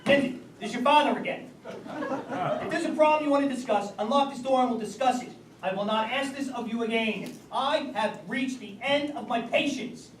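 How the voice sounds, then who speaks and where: A man's voice: extremely high pitch, moderate pace. An actor playing a harried, blustering middle-aged father of the bride on stage, heard from a distance in an echoey room with background noise. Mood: stern. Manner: blustering, exasperated. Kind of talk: stage play performance.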